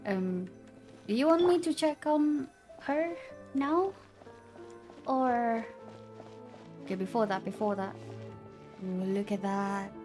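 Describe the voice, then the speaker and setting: A woman's voice: high voice, darkish tone. A woman streaming a game, chatting casually with frequent giggles and stammering restarts. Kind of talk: casual gameplay commentary.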